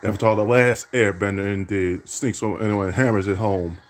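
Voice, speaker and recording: While playing a basketball video game, a man narrates his own plays and trash-talks his opponent, leaning heavily on catchphrases and repeating "indeed." His voice is on the low side, steady in tone and a little fast.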